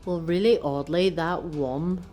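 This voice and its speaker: A woman on a ghost hunt, talking in a hushed, nervous way in an old castle room at night. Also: lowish voice, measured pace, faint music behind. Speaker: paranormal investigator. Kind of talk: casual ghost-hunt chat.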